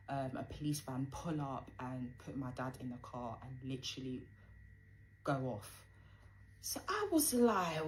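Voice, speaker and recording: Low-voiced woman telling a story. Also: a little mellow, a little hiss or hum, rough recording. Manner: conversational, frequent fillers, acts out quoted dialogue. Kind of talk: casual storytime narration.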